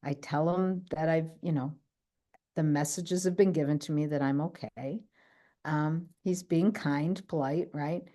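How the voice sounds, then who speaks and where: A woman telling a personal story on a video call, animated, often checking in with "right?" and acting out what others said. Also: low-pitched, measured pace. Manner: acts out other people's quoted lines. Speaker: guest speaker. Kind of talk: personal story in an online talk.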